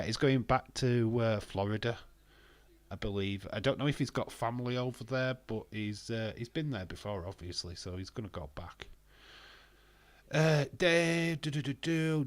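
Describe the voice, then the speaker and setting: Man, live stream host, excitable, swears, laughs, deep voice. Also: dry recording. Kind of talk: casual live stream chat reading viewer comments.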